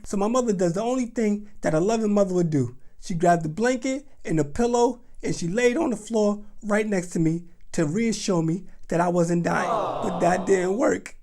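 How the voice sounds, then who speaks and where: A young man with a fairly high voice tells a comic story with speech. He is animated and exaggerated, building every moment into drama. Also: normal speed, creaky. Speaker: vlogger.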